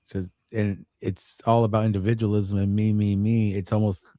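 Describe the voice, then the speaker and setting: A man on a casual online chat who answers in low-key, brief replies. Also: flat delivery, moderate pace, mellow, dry recording, clean studio sound.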